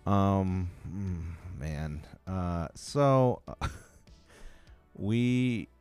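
A deep-voiced man from Alaska trades loose, profane podcast banter and leans on "like" as he rambles. His low voice rises and falls a great deal while faint music plays underneath. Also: animated, a little slow, a little mellow, dry recording. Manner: rambling, heavy on "like", swears freely, laughs often. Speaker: podcast co-host.

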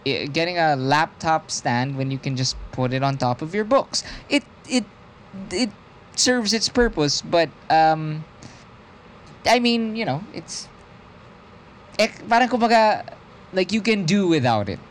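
A man's voice: fairly high pitch, lively intonation, measured pace, a little hiss or hum. A man co-hosting a casual podcast, rambling with hesitant fillers. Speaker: podcast co-host. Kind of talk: casual chat.

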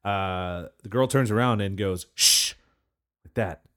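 A man co-hosting a casual podcast, telling a story with lively acted-out quotes. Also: lowish voice, normal speed, clean tone. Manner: animated storyteller, acts out quoted voices. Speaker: podcast co-host. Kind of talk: casual chat.

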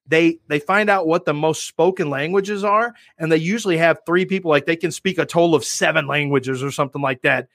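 A man hosting a podcast, telling a story in an animated, profane, self-mocking way. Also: on the high side, a little fast, hardly any pauses, dry recording, studio quality. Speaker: podcast and radio host. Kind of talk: casual chat, storytelling.

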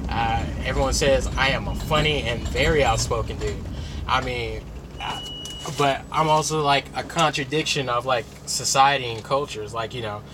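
A man's voice: mid-range voice, normal speed, background noise. A young man with a nasal voice, ranting in a rambling, profane, casual way. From United States. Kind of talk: casual rant.

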